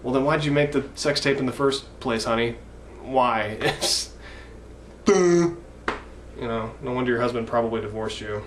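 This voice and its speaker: A man's voice: mid-range voice, moderate pace, distant mic. A man in his twenties ranting in a vlog, profane, indignant and rambling. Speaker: wrestling fan vlogger. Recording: echoey room, mic from afar, faint noise.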